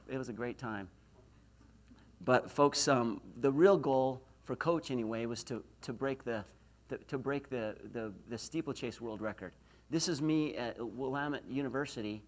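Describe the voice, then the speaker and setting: A man in his forties giving a university lecture, telling a story with animated delivery and loud emphatic peaks. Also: medium pitch, moderate pace. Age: 40s. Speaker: motivational speaker. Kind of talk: lecture to an audience.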